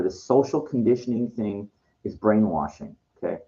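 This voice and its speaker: Man, lower voice, rambling frustrated vlog monologue, dull lo-fi recording. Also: a little fast. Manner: rambling, repetitive, frustrated, many restarts. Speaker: vlogger.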